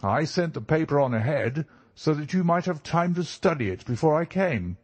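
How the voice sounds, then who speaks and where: A man voicing a hearty middle-aged country gentleman, earnest and worried. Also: on the high side, lively intonation, normal speed, husky, pitched above the performer's own voice.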